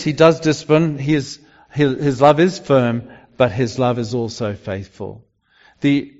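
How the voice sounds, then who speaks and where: A man preaching a sermon in a halting way, with frequent restarts and fillers. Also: fairly high pitch. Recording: dull lo-fi recording with long hall reverb.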